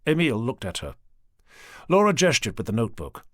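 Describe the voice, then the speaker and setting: In a recording studio, a man with a mid-range voice narrates an audiobook from a script, measured and expressive like a storyteller. A close studio mic gives studio-quality sound with no room sound.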